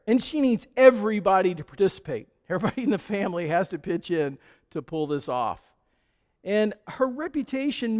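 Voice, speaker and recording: A male pastor tells stories from the pulpit in a high, easygoing voice. His relaxed sermon rings out through a church with a long reverb. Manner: conversational storytelling with chuckles. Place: church sanctuary.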